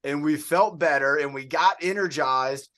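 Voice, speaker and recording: An upbeat man coaching an online workout class over a video call. His voice sits notably high for a man, and he keeps an encouraging tone as he praises students by name. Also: normal speed, bright, forceful tone. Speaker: fitness coach.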